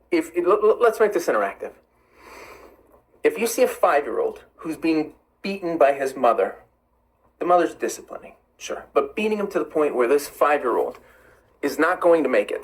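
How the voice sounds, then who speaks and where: A man's voice: high-pitched, rough recording. An Iranian-American man hosting a live stream, chatting with callers and reading viewers' comments aloud. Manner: animated, conversational, addresses viewers by name. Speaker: livestream host.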